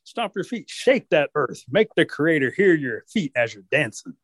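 A man voicing a quick-witted male trickster rabbit in a told folk tale, pleading and bossing the listeners. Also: fairly high pitch, very animated, a bit bright, slightly rough, no echo, clean studio sound, heavily acted. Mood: bossy. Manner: pleading, fast-talking. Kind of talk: oral storytelling.

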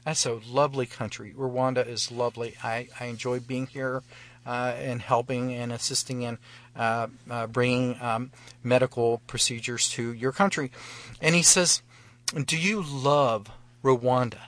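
A man's voice: mid-range voice, fairly even intonation, normal speed, fairly bright tone. A man telling a travel story as a guest on a live radio show, acting out the officials he met and chuckling often. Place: radio studio.

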